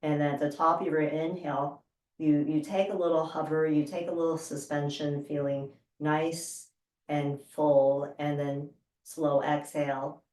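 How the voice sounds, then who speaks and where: Low-voiced woman guiding breathing. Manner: slow, calm guiding cues. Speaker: breathing instructor. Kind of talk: guided breathing instruction. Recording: roomy sound from a distance.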